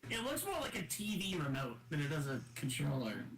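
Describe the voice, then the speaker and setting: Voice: medium pitch, wildly swooping pitch, brisk. A person chatting casually with friends, often laughing and amused. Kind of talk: casual chat. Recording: echoey room with faint noise.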